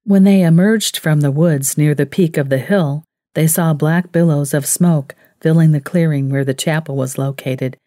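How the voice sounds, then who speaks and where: Low, mellow woman narrating a novel. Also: dry recording, studio quality. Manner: calm, measured storytelling. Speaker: audiobook narrator. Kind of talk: scripted narration.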